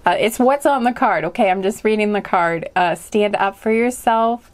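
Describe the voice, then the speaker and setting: This casual pick-a-card tarot reading comes from a woman with a mid-range voice at a moderate pace. She wanders and hesitates, says "like" and "um" a lot, and keeps laughing.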